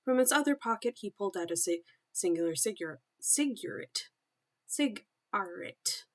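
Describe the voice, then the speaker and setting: A woman's voice: medium pitch, animated, fast talker. A young woman streamer reading her own story aloud on a casual livestream, breaking off to laugh, swear and comment on her own writing.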